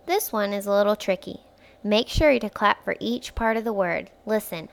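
A woman hosting a phonics lesson for young children, speaking clearly and patiently, stretching words out syllable by syllable and encouraging the listener. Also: medium pitch, moderate pace. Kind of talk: slow, clear instructional speech for young children.

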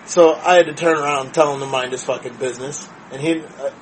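Profane, animated man telling a story. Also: on the high side, fast talker, a little hiss or hum, poor audio. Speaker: podcast co-host. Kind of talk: casual storytelling chat.

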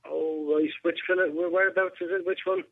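A man's voice: a little high, flat delivery, brisk. Terse man on a tinny phone line. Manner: guarded, terse questions. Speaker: phone contact.

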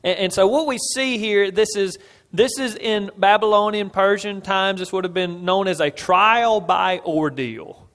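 A man's voice: high voice, a little slow, a bit bright. Man preaching in a reverberant hall. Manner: earnest storytelling, builds emphasis, asks listeners "right?". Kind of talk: expository sermon on scripture. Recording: long reverb of a large hall.

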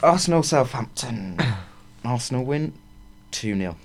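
A man's voice: mid-range voice, expressive, unhurried. A man co-hosting a casual football chat, laughing often and stumbling over words when reading aloud. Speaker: football podcast co-host.

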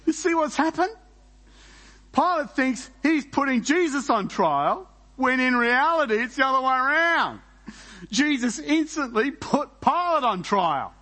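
A man preaching a sermon as pastor, animated and full of rhetorical questions, laughing between points. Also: very high-pitched, measured pace, low-quality recording.

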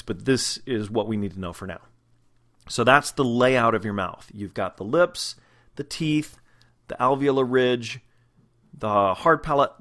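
A man's voice: on the low side, fairly bright tone. A man teaching a voice and dialect lesson, patiently walking through the parts of the mouth and demonstrating vowel sounds. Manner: patient, methodical explaining with spoken demonstrations. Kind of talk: instructional lesson.

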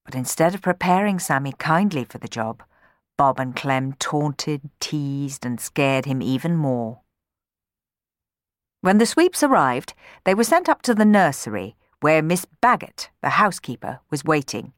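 A woman narrating a children's story from a book in an expressive, dramatic reading. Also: sits low, measured pace, dry recording, clean studio sound.

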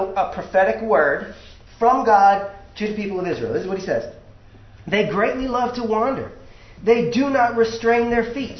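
A man preaching a sermon as pastor, animated and acting out the voices he quotes. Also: high-pitched. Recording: echoey room, dull lo-fi sound.

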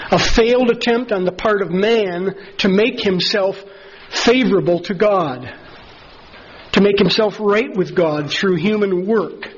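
A man preaching a sermon as pastor, earnest and measured, slowing down to stress key phrases. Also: sits high, highs cut off, slight background noise.

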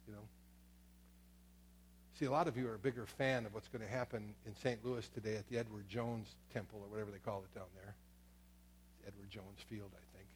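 A man's voice: lowish voice, slight background noise. A middle-aged man preaching a sermon as pastor in a church, talking in a conversational way with many asides and repeated words. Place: church sanctuary.

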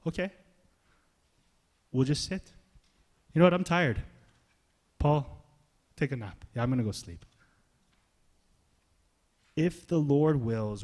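A male pastor preaching a sermon in a casual, conversational way, swinging between loud emphasis and soft, hushed asides. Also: mid-range voice, lively intonation, slow pace, pauses often. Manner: casual, conversational phrasing with slang.

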